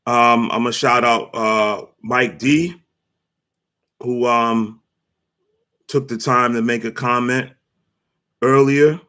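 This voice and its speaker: A man hosting a casual sports livestream, talking at a middle pitch in a loose, rambling way. He fills the gaps with ums and uhs and restarts his sentences, like someone chatting off the cuff to viewers. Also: steady tone, slow, long pauses, pushed and bright, smooth. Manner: loose and rambling, heavy fillers. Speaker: sports talk show host.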